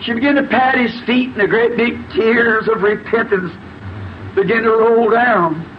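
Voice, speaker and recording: Fervent male preacher, high voice, emphatic and shouting; dull, lo-fi old tape. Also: fairly even intonation, moderate pace, slight background noise. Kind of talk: sermon. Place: church before a responding congregation.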